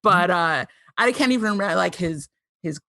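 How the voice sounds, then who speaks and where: Woman co-host, casual recap chat, giggly, lively pitch, dry close sound. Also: no room sound. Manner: giggly, acts out characters' lines in quick bursts. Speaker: podcast co-host.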